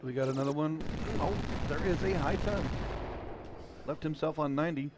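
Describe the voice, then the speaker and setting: A man with an Ozark accent calling a darts match live, folksy, chatty and excitable. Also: fairly high pitch, normal speed, heavy background noise. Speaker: darts commentator. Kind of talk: live play-by-play commentary. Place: darts venue. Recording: crowd chatter behind.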